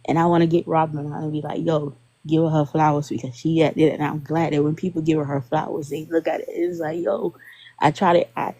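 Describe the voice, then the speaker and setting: A woman, a guest telling animated stories in casual chat and acting out what others said. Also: sits low, a little fast, no echo, poor audio. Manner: animated, acts out quotes of others. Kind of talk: casual storytelling on a live stream.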